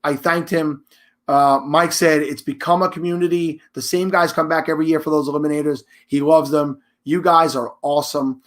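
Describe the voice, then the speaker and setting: A man hosting a live charity stream, chatty and emphatic, giving casual announcements with frequent restarts and shout-outs. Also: on the high side, steady tone, normal speed.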